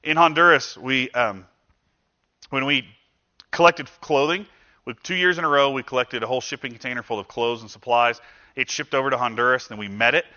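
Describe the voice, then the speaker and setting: Guy pastor preaching, chatty and lively, bright voice, kinda dull lo-fi sound. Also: mid-range voice, brisk. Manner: conversational, animated, acts out quoted voices. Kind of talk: sermon.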